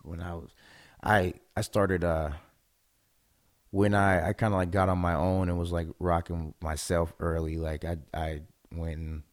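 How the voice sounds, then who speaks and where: A man's voice: deep voice, little pitch movement, measured pace. A young man from Seattle, chatting casually as a podcast guest, rambling and laid-back with lots of filler words and frequent laughs.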